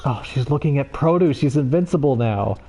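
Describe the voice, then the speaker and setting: A man streaming a game live, commenting excitably, swearing and pleading with the game. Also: medium pitch, fairly quick, husky.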